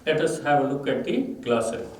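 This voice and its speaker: A man's voice: medium pitch, lively intonation, fairly quick, distant mic. A man with an Indian English accent, teaching a vocabulary lesson and repeating each word and its meaning with stress. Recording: echoey room, voice off-mic, faint ambient noise.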